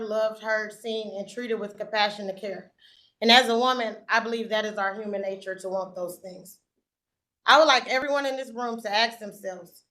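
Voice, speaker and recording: A woman's voice: a little high, bright, forceful tone, rough recording. A woman reading a prepared statement to a zoning board in a public meeting room. She is earnest and stumbles now and then over her notes. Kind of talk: prepared statement read aloud.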